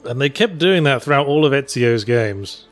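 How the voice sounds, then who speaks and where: A man's voice: medium pitch, animated, moderate pace, faint music behind. A man co-hosting a casual let's play, explaining the game in a dry, sardonic way. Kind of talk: casual gameplay commentary.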